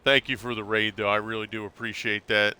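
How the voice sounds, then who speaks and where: Laid-back streamer man, bright voice. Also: on the low side, little pitch movement, a little fast, clear, resonant tone. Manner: laid-back, rambling, calls viewers bro. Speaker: live streamer. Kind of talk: casual live-stream chat with viewers.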